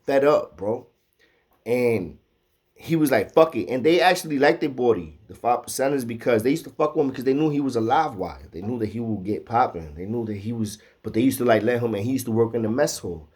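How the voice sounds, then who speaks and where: A man telling a profane, animated street story, acting out the quotes. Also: medium pitch, breathy edge.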